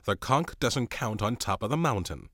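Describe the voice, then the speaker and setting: A man's voice: fairly low pitch, big pitch swings, moderate pace, a bit bright, dry recording, studio quality, full character voice. A man voicing a bossy, contemptuous schoolboy leader in a novel reading, with a harsh, scornful manner.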